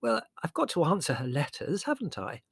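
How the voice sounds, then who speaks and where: A man voicing a vague, fussy middle-aged mother who is mild, flustered and gently reproving. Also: a little high, big pitch swings, a little fast, creaky, slightly rough, no echo, pitched above the performer's own voice, heavily acted.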